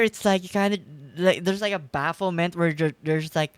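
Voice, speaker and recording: A man's voice: sits high, fast, hardly any pauses, smooth, dry recording. A man streaming a game, chatting casually, laughing and reading text aloud. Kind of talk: casual gameplay commentary.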